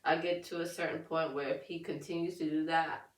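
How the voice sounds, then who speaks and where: A young woman with a lowish voice, chatting candidly and laughing easily about parenting. She sits back from the mic, and the room adds a hollow echo around her words. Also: level tone, brisk. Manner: candid, laughs often, acts out her toddler's voice. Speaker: podcast co-host. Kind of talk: casual podcast chat. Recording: echoey room, distant mic.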